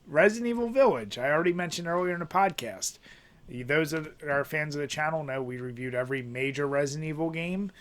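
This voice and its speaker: A man hosting a casual podcast, upbeat and full of jokes. His voice sits a little higher than most men's, and he talks loosely, throwing in casual swearing. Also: fairly quick. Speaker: podcast host.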